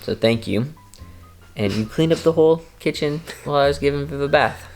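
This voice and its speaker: A man, a husband and father, giving a quiet, halting, sincere sign-off for his wife's vlog. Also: a little high, faint music behind.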